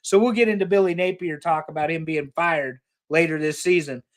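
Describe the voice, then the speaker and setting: A man with a slightly raised pitch co-hosts a casual sports chat. He is opinionated and jokes a lot, dropping the odd curse as he talks. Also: fairly quick. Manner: opinionated, joking, swears casually. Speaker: podcast co-host.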